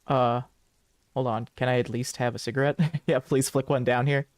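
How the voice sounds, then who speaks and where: A young man chats casually on a gaming podcast in a mid-pitched voice, giggling as he reads lines aloud. His voice is goofy and relaxed, and the recording is dry and close to the mic. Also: normal speed, no echo. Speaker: podcast host playing a game. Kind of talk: casual let's-play chat.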